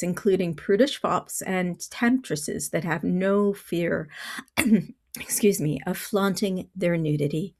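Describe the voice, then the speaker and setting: Middle-aged woman, book reviewer, gravelly edge in a mid-pitched voice, earnest and measured. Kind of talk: scripted book review vlog.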